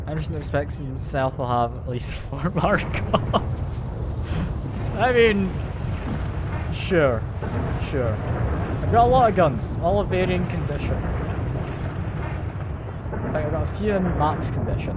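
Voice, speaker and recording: A man's voice: fairly high pitch, expressive, takes it slowly, long pauses, background noise. A man giving live commentary while playing a shooter game, thinking aloud and making wry, self-mocking jokes. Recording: loud game gunfire and ambience behind voice.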